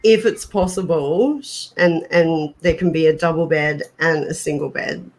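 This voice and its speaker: A woman's voice: deep voice, measured pace. An Australian woman chatting casually on a livestream, laughing often and trailing off mid-thought. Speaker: livestream co-host. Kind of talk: casual chat. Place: home.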